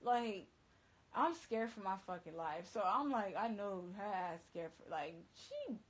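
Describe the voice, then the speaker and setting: A woman's voice: mid-range voice, big pitch swings, normal speed, low-quality recording. A woman DJ telling a story casually on a phone livestream, talking emphatically and profanely, with constant "like" and "bruh.".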